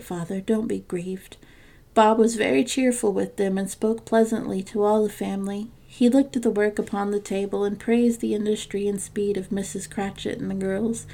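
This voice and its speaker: Gravelly woman reading a classic tale. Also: mid-range voice, warm tone. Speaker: podcast narrator.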